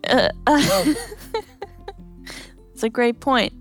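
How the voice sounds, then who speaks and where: A woman's voice: on the high side, very slow, faint music behind. A woman with a Minnesota accent, playing a tabletop game, laughing often as she plays. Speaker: player.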